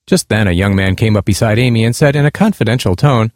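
Man, earnest essay reading, lively intonation, dry close sound. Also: lowish voice, fast talker, hardly any pauses, no room sound. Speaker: speaker on disability awareness. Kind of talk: reading a personal essay aloud.

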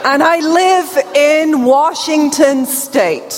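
High-voiced British woman with a deaf accent. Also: extremely slow, a crowd in the background. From England. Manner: lively, playful, engages the audience directly. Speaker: keynote speaker. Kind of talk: conference keynote speech. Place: large hall before a live audience. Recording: long hall reverb with faint ambient noise.

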